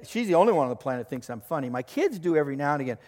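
A man's voice: on the high side, very animated, rapid-fire, a little mellow, big-room sound. An older man preaching a sermon as a pastor, in a conversational, joking storytelling manner before a live congregation.

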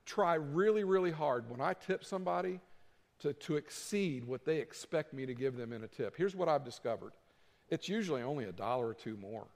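A middle-aged pastor delivers his sermon in an earnest, conversational way, acting out what others might say. His voice sits a touch high for a man. A long reverb from the church sanctuary trails every phrase. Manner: earnest, conversational preaching with quoted asides.

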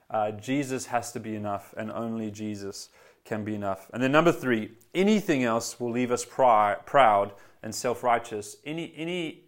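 A man preaching a sermon, earnest and emphatic, repeating key phrases and speaking directly to his congregation. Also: mid-range voice. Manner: eager, addresses congregation directly.

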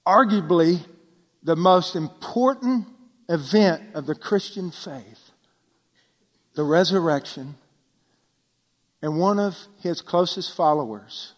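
A man with a high voice delivers a sermon in a church with long, ringing reverb. He talks casually, tosses rhetorical questions to the room, and drops almost to a hush to stress key points. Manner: preaching with sudden drops to near-whisper for emphasis; conversational, asks the listeners rhetorical questions. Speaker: pastor.

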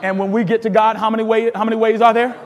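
High-voiced preacher in an echoing sanctuary. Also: male voice, very fast. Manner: animated, call-and-response preaching with laughter and sudden emphatic rises. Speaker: pastor. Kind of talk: teaching sermon.

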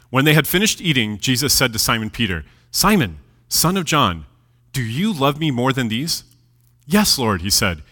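A man preaching a sermon, reading scripture aloud and explaining it with animated delivery, dropping his voice low at key moments. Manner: lively, animated preaching with dramatic drops in volume. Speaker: pastor. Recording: long hall reverb.

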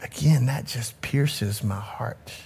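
A man's voice: mid-range voice, takes it slowly, creaky, darkish tone, breathy edge. A man in his forties, a youth ministry director, giving a candid, self-critical personal talk to an audience on a handheld mic, often restarting his sentences. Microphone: handheld microphone.

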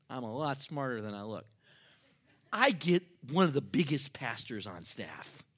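A male pastor preaching a sermon in church, telling a story that swings from loud outbursts to near-whispered lines. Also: mid-range voice, big pitch swings, unhurried.

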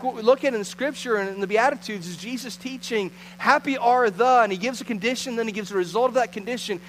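A man's voice: high voice, fairly bright tone, a little hiss or hum, rough recording. A man pastor giving a conversational sermon, telling a story with frequent restarts.

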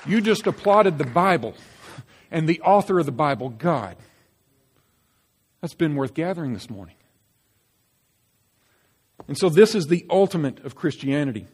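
A man preaching a sermon as pastor, emphatic and animated, acting out quoted lines. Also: a little high, breathy edge. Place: church sanctuary. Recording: long reverb of a church hall.

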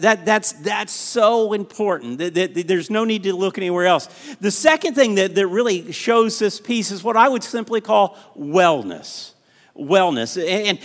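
A middle-aged man preaching a sermon as a pastor, often repeating words and calling on the congregation to respond. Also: sits high. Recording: reverberant church hall.

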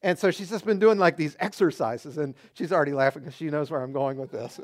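A middle-aged man preaching a sermon as pastor, conversational and animated, acting out quoted remarks. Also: on the high side, fast talker.

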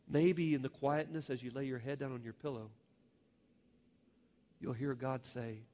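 Guy pastor preaching in a church, slightly high voice, gets fired up and loud. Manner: earnest, building to fervent appeals. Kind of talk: sermon. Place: church sanctuary.

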